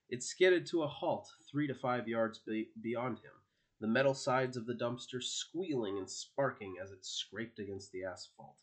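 A man narrating an audiobook in a steady storytelling manner. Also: fairly low pitch. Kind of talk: scripted narration.

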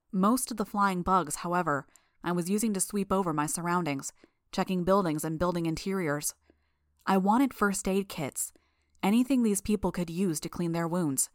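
A woman's voice: fairly low pitch, dry recording. Woman narrating an audiobook, dry sound. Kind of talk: first-person audiobook narration.

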